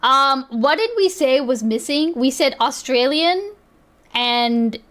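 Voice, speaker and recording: A woman chats live on stream, giggling and thinking out loud with plenty of restarts. She talks at an unhurried pace in a slightly high voice. Keyboard typing sounds behind her. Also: lively intonation. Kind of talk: casual live-stream chat.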